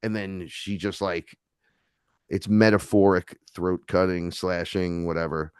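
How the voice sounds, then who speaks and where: A man's voice: sits low, flat delivery, a little slow, clear, resonant tone, no echo, studio quality. A man, a podcast guest telling stories in casual chat and acting out the voices he quotes. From New York City. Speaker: podcast guest, neo-shaman.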